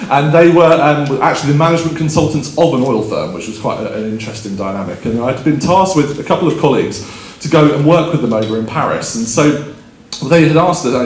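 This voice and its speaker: A man's voice: mid-range voice, slight background noise. A man in his thirties gives a chatty, self-deprecating conference keynote, telling a story with frequent ums and laughing at himself. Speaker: keynote speaker. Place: conference hall stage. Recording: roomy hall, faint background ambience.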